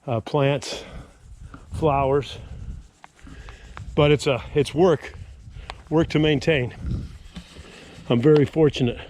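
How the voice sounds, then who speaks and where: A man's voice: medium pitch, darkish tone. Older man rambling on a yard tour. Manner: rambling, grumbling and folksy. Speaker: homeowner giving a yard tour. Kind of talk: casual self-filmed vlog. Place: outdoors in a lakeside yard. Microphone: handheld action camera.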